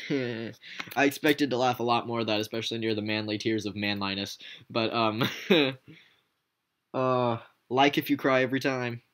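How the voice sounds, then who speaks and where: A man's voice: mid-range voice, moderate pace, long pauses, a bit bright. A man hosting a video, reading a silly story aloud, stumbling over the text and breaking into laughter. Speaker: YouTube host reading a story. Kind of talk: comic read-aloud with asides.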